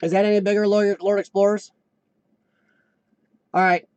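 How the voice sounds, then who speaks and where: Brief: American man hosting a live chat stream, high-pitched, rambling and talkative, dry close mic. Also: level tone, normal speed, a little mellow, clear, resonant tone, dry recording, lo-fi sound. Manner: chatty, rambling, reads chat aloud.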